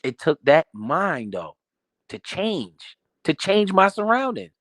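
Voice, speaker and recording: A man's voice: on the high side, very animated, slow pace, fairly bright tone, no room sound, studio quality. A man giving a profane, emphatic motivational rant about money in a casual way. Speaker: motivational finance streamer.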